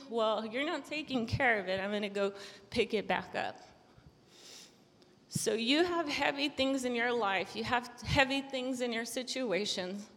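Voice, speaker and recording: Young woman, higher voice, earnest devotional talk, chatty with fillers, long reverb. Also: a bit bright. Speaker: Christian speaker.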